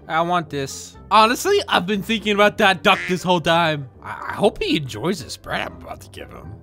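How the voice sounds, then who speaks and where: A gaming video host giving playful, jokey commentary while playing, often excited and talking to viewers. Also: medium pitch, a little fast, hardly any pauses, soft background music.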